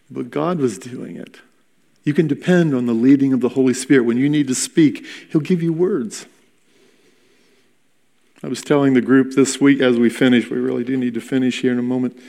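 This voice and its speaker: A middle-aged male pastor tells a story from the pulpit, animated and acting out each exchange. His voice sits at an ordinary pitch for a man. A long reverb fills the big hall around him. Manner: animated storyteller, acting out dialogue, swings from loud to hushed. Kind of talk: sermon storytelling.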